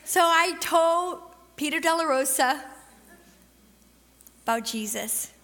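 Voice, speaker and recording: Woman preacher, middle-aged, high bright voice, lively testimony style, long church reverb. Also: a little hiss or hum. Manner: animated storytelling, quick bursts and drawn-out emphasis. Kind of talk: sermon with personal testimony.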